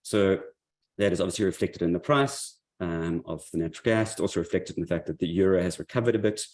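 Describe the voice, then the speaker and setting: A man's voice: low voice, fast talker, darkish tone. A man giving a monthly market update, speaking loosely with many fillers and restarts. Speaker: market commentary presenter.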